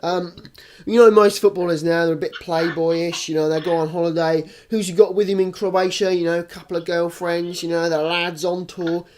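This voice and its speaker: A man's voice: high-pitched, level tone, moderate pace, a little mellow, slight background noise. A man co-hosting a casual sports podcast, chatty and opinionated, swearing now and then. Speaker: podcast co-host.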